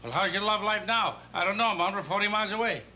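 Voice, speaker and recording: Older man telling one-liners, lively high voice. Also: fast talker, very noisy. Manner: punchy deadpan joke delivery. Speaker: stand-up comedian. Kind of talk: rapid one-liner stand-up routine. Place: television studio stage before an audience. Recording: 1970s TV studio audio, loud audience laughter.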